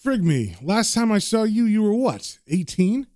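A man's voice: high voice, sing-song, measured pace, dark tone, dry recording, voice pushed up. A man voicing a wry, laconic Englishman with clipped, dry delivery.

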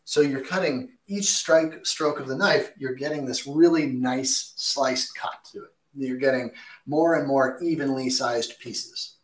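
A man's voice: mid-range voice, unhurried. A man who works as a chef, answering viewer questions with chatty, emphatic cooking advice in a kitchen. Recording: echoey room.

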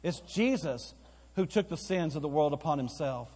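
A man's voice: a little high, animated, normal speed, mellow. A man preaching a sermon as pastor in a church auditorium, with emphatic repetition that builds in force. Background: live congregation hall.

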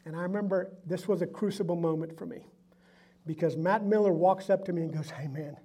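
Casting: middle-aged man, founder testimony, high husky voice, animated storyteller. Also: brisk. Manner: animated storyteller acting out dialogue. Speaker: company founder sharing testimony. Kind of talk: storytelling talk to a live group.

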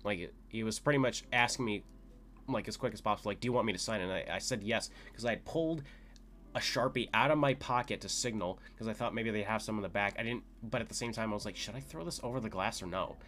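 A young man hosting a podcast, telling a story casually, excitable and full of fillers, his voice leaping up when he quotes his own shouts. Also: fast talker. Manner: excitable, lots of "like" fillers, jumps to high pitch when quoting shouts. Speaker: podcast host.

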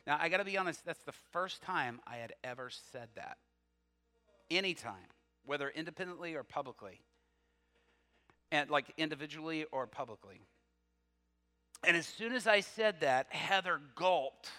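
A man preaching a sermon, telling a story with quoted dialogue and swinging from loud to hushed. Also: on the high side, expressive, moderate pace, long pauses, in a large hall.

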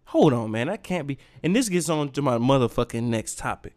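A young man, hosting a solo podcast and ranting in a profane, animated way with heavy slang. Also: mid-range voice, a little fast. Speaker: podcast host.

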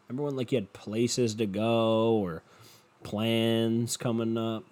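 A young man hosting a rambling solo podcast from home, swearing a lot and mocking himself, dropping from low mutters into loud bursts. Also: little pitch movement, a little slow. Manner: profane, self-mocking, drifting between muttering and loud bursts. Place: home, no studio. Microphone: home podcast microphone.

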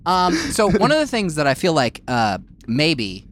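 Rambling man with an animated voice. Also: a little high, a little slow, a crowd in the background. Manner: rambling, trailing off, with many ums and restarts. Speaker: drummer and podcast co-host. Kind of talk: casual chat.

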